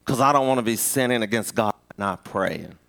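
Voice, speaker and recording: A man preaching a live sermon, conversational and full of restarts, rising to high emphatic peaks. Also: fairly even intonation, quick pace, pushed and bright, clean tone. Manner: conversational with repeated restarts and rhetorical asks. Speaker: pastor.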